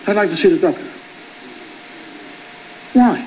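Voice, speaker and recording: A man in his fifties delivers a wry stand-up monologue, his fairly high voice leaping up and down as he acts out both sides of each exchange. The sound comes from an old television broadcast with a clear layer of noise underneath. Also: sing-song, moderate pace. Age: 50s. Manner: wry storytelling, acting out both sides of dialogues. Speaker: stand-up comedian.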